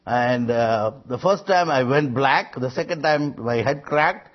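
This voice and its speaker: A man's voice: medium pitch, a little slow. A man preaching a sermon, emphatic and rising on quoted lines, with frequent hesitations. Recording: muffled lo-fi recording.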